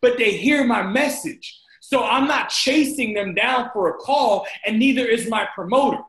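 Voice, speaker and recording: A man giving an energetic, repetitive motivational team training talk on a group video call, often calling his listeners "guys". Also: very high voice, normal speed, echoey room, low-quality recording.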